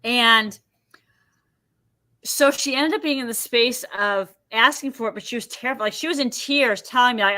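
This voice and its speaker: Bright, animated woman telling stories. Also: a little high, moderate pace. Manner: animated storyteller acting out quotes. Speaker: podcast guest, emotion healer. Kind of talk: podcast interview storytelling.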